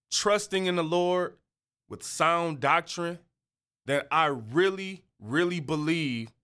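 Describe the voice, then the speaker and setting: A man's voice: a little high, sharp tone. A man hosting his own podcast in a casual solo monologue, playful and joking, then earnest and encouraging. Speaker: podcast host.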